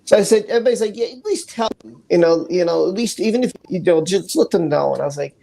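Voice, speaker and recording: A man's voice: high voice, animated, fast talker, vocal fry, warm tone, poor audio. A man hosting a live stream, telling a personal story in a candid, blunt way that is full of swearing. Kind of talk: casual live stream talk.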